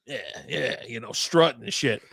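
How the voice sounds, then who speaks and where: A man co-hosting a casual podcast, telling golf stories with lots of laughter, acting out shouted quotes and swearing freely. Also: mid-range voice, moderate pace, slightly rough, dry recording, studio quality. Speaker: podcast co-host. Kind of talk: casual chat, storytelling.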